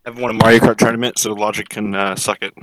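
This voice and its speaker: A man in casual chat, cocky and quick to explain. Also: on the low side, level tone, a bit bright, low-quality recording.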